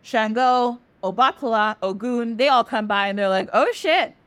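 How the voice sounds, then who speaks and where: A woman podcast host casually retelling a myth, animated, swearing now and then and jumping into the characters' voices. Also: on the high side, smooth, no echo. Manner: animated, acts out characters' lines with quick voice shifts; swears casually and laughs while telling. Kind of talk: casual storytelling.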